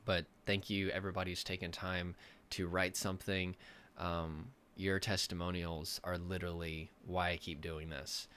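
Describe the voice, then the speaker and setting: Tearful man, low voice. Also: flat delivery, sharp tone, a little hiss or hum. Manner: tearful, heartfelt, halting. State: crying. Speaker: nervous system coach. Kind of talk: emotional to-camera talk.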